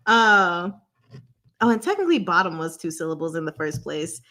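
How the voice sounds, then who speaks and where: A woman hosting a casual livestream word game. She gives clues in short, deliberate fragments and laughs often. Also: lowish voice, sing-song, pushed and bright. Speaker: channel host running a livestream game.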